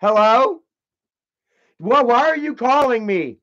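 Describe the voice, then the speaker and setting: A man putting on the voice of an accusing woman on a game chat, in a mocking falsetto. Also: big pitch swings, takes it slowly, pushed and bright, dull audio, full character voice. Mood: indignant.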